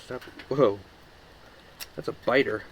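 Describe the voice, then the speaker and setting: A man's voice: medium pitch, vocal fry, a little hiss or hum. A man casually reviewing pocket knives, muttering and exclaiming while he carves and cuts. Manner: offhand, mutters while working, quick exclamations. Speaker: knife reviewer. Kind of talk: casual hands-on demo.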